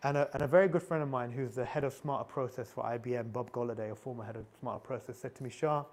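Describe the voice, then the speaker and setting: A man's voice: mid-range voice, fairly even intonation, racing, a little mellow. A middle-aged man at a tech meetup talks candidly through his experiences. His voice sits in the middle range. He often trips over his words, restarting and repeating himself as he goes. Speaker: conference speaker.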